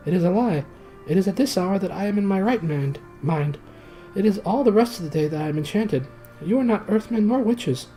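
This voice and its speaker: A man voicing a tormented, enchanted knight who begs desperately to be set free, his voice strained and high. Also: warm tone, lightly acted, rough recording. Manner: high strained pleading, rising to shrieks. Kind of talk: storybook reading.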